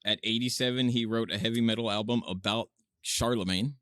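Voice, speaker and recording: A man co-hosting a podcast in casual chat, telling animated stories with swearing and laughter. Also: medium pitch, a little fast, no echo, studio quality. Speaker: podcast co-host.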